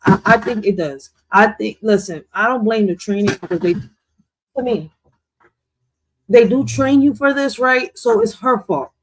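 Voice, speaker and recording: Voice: mid-range voice, measured pace, rough recording. Rambling reaction host. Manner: rambling, slangy, restarts a lot. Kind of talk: casual reaction commentary.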